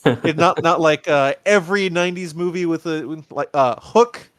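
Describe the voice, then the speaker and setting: Speaking at a moderate pace in a somewhat bright, higher-pitched voice, this man hosts a podcast where he casually rewatches and recounts a movie. He performs the characters' dialogue, frequently stumbling and restarting. Studio-quality audio with no echo.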